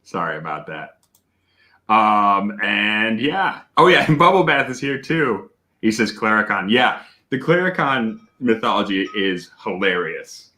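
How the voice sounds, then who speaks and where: A man hosting a casual whiskey tasting livestream, talking loudly, greeting viewers and laughing often. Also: fairly low pitch, a little slow. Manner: loud and animated, laughs often. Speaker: host of a whiskey tasting stream.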